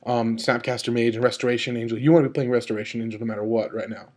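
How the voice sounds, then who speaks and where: A man vlogging an unscripted rant to camera, rambling with lots of "like" and "you know" and jumping up in pitch as he gets annoyed. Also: flat delivery, racing, darkish tone. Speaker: video blogger.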